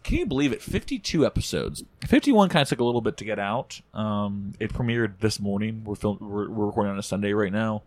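A man's voice: lowish voice, lively intonation, brisk, hardly any pauses, darkish tone, no echo. A young man hosting a podcast in rambling, playful casual chat, laughing often. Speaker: podcast host.

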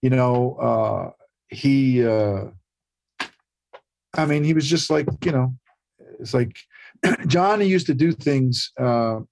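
A man's voice: medium pitch, animated, takes it slowly, gravelly, long pauses, a little mellow. An older man with a New York accent, a guest actor telling rambling anecdotes full of restarts in a casual chat.

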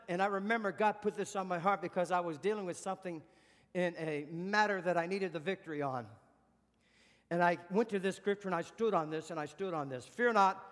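A man's voice: high-pitched, fairly bright tone, long reverb tail. A man preaching a sermon, emphatic, asking repeated questions and breaking into spoken praise.

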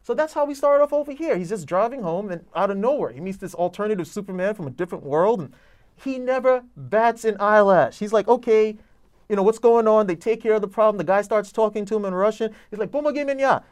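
A man's voice: sits high, expressive, quick pace. A man reviewing comic books in casual chat, enthusiastic and rambling with lots of fillers.

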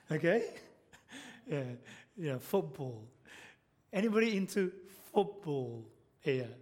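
High-voiced preacher, chatty and quick. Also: male voice, sing-song, a little mellow. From Britain. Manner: chatty, asks the congregation questions, keeps saying okay. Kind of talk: sermon. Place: church.

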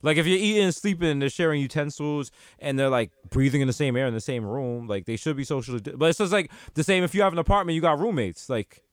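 Co-host, male, slightly high voice, loose joking profane banter, dry video-call sound. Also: no echo. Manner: rambling, joking, profane, rapid asides. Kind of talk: casual chat.

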